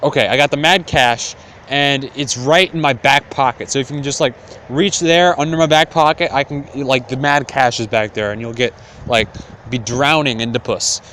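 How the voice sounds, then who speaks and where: A man's voice: mid-range voice, moderate pace, a bit bright, a little hiss or hum, natural voice. A man voicing a crafty, resentful sick old husband with a grumbling, sly manner.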